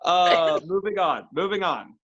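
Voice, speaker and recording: A man's voice: high voice, expressive, unhurried, fairly bright tone, muffled recording. A man running a tabletop role-playing game, narrating and chatting casually with his players. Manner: casual, chatty, with restarts and laughs. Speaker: game master.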